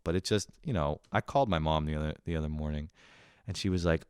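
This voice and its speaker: A young man with a deep, low voice riffs in a loose, profane comedy monologue, wandering from story to story with self-mocking asides. His voice sounds clean and clear, recorded close in a dry room. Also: fast talker, no echo. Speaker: comedian, podcast host.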